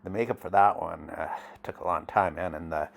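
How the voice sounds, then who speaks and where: A man's voice: sits low, fairly even intonation, a little fast, gravelly. A man playing a washed-up male jackalope actor who rambles loosely and keeps drifting off topic in a mock documentary interview. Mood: rambling. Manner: rambling, loopy, easily sidetracked.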